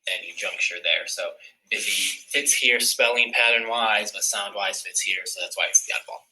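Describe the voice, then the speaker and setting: Male teacher, low and very bright tone, clear step-by-step explainer. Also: steady tone, normal speed, low-quality recording. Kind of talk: recorded phonics lesson.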